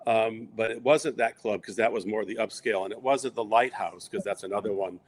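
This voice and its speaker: A middle-aged man telling long, rambling stories in a relaxed interview, acting out quoted lines along the way. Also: fairly low pitch, a little fast. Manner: rambling anecdotes with quoted asides. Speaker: interview guest. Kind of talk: casual storytelling.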